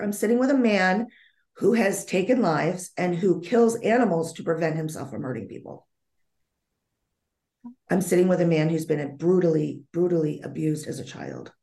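Woman with a lowish gravelly voice, telling a story in an interview, acts out the dialogue, echoey room. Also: a little mellow. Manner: vivid storytelling that acts out dialogue, with frequent restarts. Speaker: psychic medium guest.

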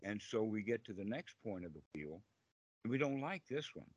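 Man teaching meditation over a video call, fairly low voice, dry sound, unhurried and a bit rambling. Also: very animated, a little mellow, breathy edge, no echo. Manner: patient, explains by humming rhythms, frequent fillers. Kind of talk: informal dharma talk on a group call.

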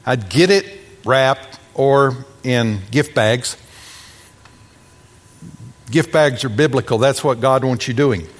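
A man's voice: mid-range voice, slow, pauses often. Preaching man in a reverberant church. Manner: preaching with dramatic emphasis and humorous asides. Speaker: pastor. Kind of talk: sermon.

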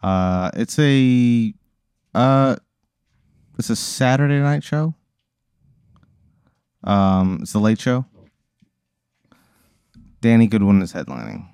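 A man hosting a comedy podcast, telling an improvised scenario in a halting way, with fillers and giggles. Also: fairly low pitch, sing-song, a little mellow, smooth, dry recording, clean studio sound. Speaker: comedy podcast host running a hypothetical scenario. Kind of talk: improvised storytelling chat.

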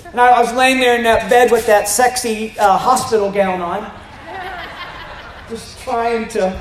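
A man in his fifties preaching a sermon as a pastor, animated, with joking asides and rising to emphatic shouts. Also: extremely high pitch, measured pace, a little hiss or hum. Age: 50s. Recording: roomy echo.

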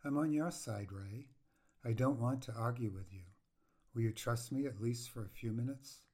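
A frank, caring woman friend gives hard counsel, stern yet gentle in her coaxing, as a man reads her lines aloud. The voice sits at a middle pitch and moves at a slow, even reading pace. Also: lightly acted.

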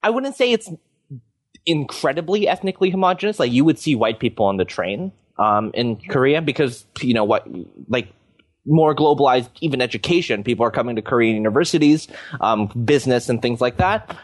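A man's voice: medium pitch, expressive, a little fast, no echo. Young male podcast host from Canada, loose rambling delivery full of fillers, dry close-mic sound. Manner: rambling, filler-heavy, lots of "like" and "you know". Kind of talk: casual chat.

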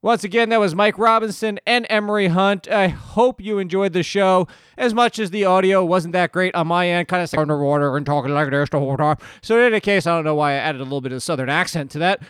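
A man's voice: high-pitched, a little fast, hardly any pauses, a bit bright, clean tone, no echo, clean studio sound. A man hosting a podcast, signing off in an upbeat, chatty way. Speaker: podcast host. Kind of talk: show sign-off.

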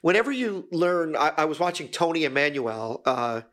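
A man's voice: on the high side, very animated, moderate pace, fairly bright tone. A man co-hosting a casual podcast chat, rambling and self-deprecating, with many fillers and restarts. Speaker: podcast co-host.

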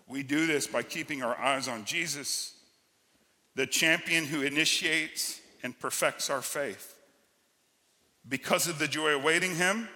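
A man's voice: fairly high pitch, pushed and bright. A male pastor preaching a sermon, telling personal stories in a conversational, emphatic way. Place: church sanctuary. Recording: church hall with long reverb.

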